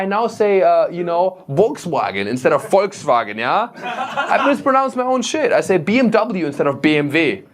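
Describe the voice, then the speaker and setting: German man, comedian, teasing crowd work, slightly high voice, loud audience laughter. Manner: teasing, laughing between lines. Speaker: stand-up comedian. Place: comedy club with a live audience.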